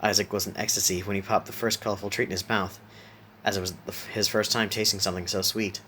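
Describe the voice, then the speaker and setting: A man reads a horror story aloud in a low, steady voice, sometimes stopping to correct himself. A faint hiss sits behind the voice. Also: fast. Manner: steady reading with small self-corrections. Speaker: narrator.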